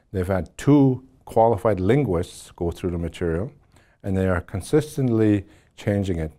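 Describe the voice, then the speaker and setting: Low-voiced middle-aged guy teaching, warm mellow tone, goes slow and repeats stuff. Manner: patient, repeats words and spells them out. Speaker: language teacher. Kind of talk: classroom language lesson.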